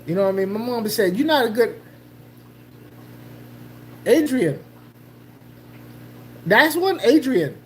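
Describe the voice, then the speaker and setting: A woman's voice: sits high, a little hiss or hum. A woman hosting a casual livestream, joking loosely with slang, laughing and greeting chatters by name. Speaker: livestream host.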